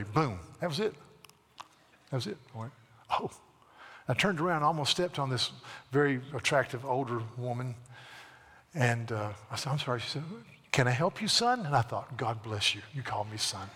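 Male Baptist pastor, husky, folksy storyteller turned emphatic preacher, echoing church sanctuary. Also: medium pitch, fairly bright tone. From South Carolina, USA. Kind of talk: sermon with storytelling. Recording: long reverb of a large hall.

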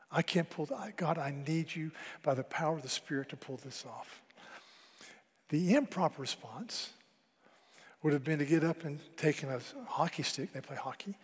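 A man preaching a sermon, telling stories and dropping to a hush for emphasis. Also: fairly high pitch, husky. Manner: storytelling, drops to a hush for emphasis. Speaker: pastor. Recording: long hall reverb.

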